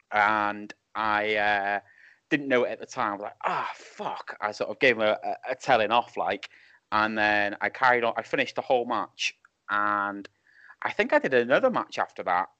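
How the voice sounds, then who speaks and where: Over a muffled Skype call, a wrestling referee guest tells rambling anecdotes in casual chat, chuckling as he goes. His voice is on the low side, pushed and bright, with no room sound.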